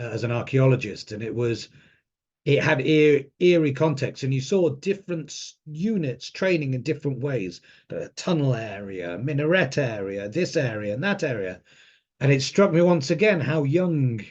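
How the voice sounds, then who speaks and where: A man in his fifties recounts a recent trip in loose, conversational speech. He often trails off with fillers and restarts his sentences. His pitch sits in the middle range, and the recording is somewhat dull. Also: a little mellow. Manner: rambling, frequent fillers and restarts. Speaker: association officer. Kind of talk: casual spoken trip account.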